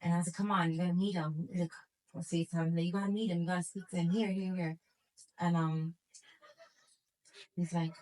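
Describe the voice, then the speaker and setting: A woman with a somewhat low voice co-hosts a relaxed podcast conversation. She tells her stories with energy and slips into other people's voices to quote them. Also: brisk, pauses often, poor audio. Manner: animated storyteller, acts out quotes. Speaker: podcast co-host. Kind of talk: casual chat.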